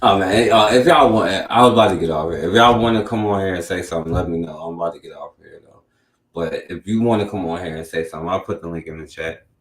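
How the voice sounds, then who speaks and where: A man's voice: low voice, fast, echoey room. A man hosting a casual talk show, rambling loosely and often tagging his sentences. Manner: loose and rambling, lots of filler tags. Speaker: podcast host. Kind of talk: casual commentary.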